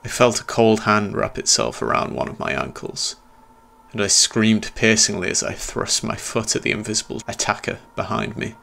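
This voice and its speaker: A man with a low, gravelly voice reads a first-person horror story aloud. His delivery is tense and dramatic, and full of rough texture. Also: animated, moderate pace, sharp tone. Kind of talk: scripted horror narration.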